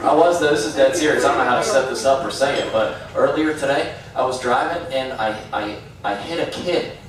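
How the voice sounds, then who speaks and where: A male stand-up comedian telling dark jokes in a deadpan way. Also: medium pitch, brisk, a little hiss or hum. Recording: distant mic, echoey hall, loud crowd.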